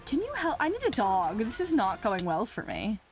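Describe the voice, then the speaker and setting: With huge pitch swings at a moderate pace and music in the background, a young woman hosts a Minecraft let's play. She chats casually and flusteredly speaks to the mobs, moving between exclamations and low mutters.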